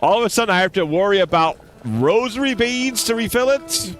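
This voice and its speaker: A man giving casual, playful commentary while streaming a game, excitable and swearing casually. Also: high-pitched, brisk, faint music behind.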